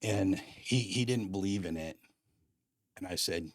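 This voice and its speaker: Low-voiced man telling a story. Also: measured pace, no echo, studio quality. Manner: animated, emphatic, surfer slang like "dude". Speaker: podcast host. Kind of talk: casual personal storytelling.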